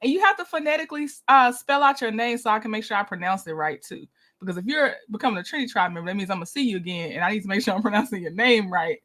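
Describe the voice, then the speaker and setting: A woman's voice: mid-range voice, lively intonation, very fast, fairly bright tone. A woman hosting a casual livestream, chatting and laughing often as she greets her viewers one by one by name. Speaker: livestream host.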